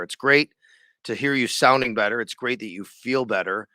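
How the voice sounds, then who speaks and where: A man co-hosting a sports podcast, chatting in a loose, rambling way. His voice is bright and forward, at an ordinary pitch. The sound is dry and close. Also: brisk, no room sound. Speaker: sports radio and podcast host. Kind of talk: casual sports podcast chat.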